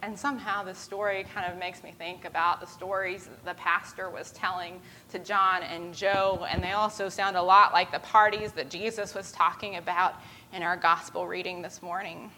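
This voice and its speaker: A woman preaching a sermon, retelling a story with lively voiced quotes. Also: lowish voice, moderate pace, slight background noise, low-quality recording.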